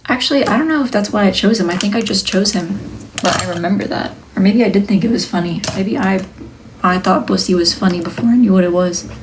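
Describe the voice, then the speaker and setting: A young woman, a wood-burning artist, chatting casually on a live stream, joking and now and then dropping into a soft near-whisper. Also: medium pitch, fast talker, noisy background.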